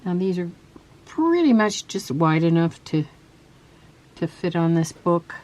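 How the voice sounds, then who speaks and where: A woman hosting a casual crafting tutorial, talking softly and trailing off as she works at her table. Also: lowish voice, sing-song, measured pace. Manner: soft-spoken, chatty, trails off while working. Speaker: craft video host.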